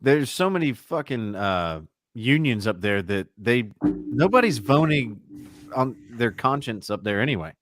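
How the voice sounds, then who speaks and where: A man's voice: medium pitch, animated, a little slow, noisy background. A man co-hosting an election-night livestream, joking crudely and swearing often. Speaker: livestream co-host. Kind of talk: casual election-night chat.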